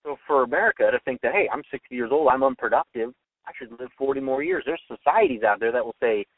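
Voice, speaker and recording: A young man rattles through an opinionated radio monologue at a fast clip, arguing and slipping into quick quoted voices. The sound is thin and phone-like, with the voice set back from the mic. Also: medium pitch, expressive, dry recording, recorded from a distance. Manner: argumentative, acts out quoted voices.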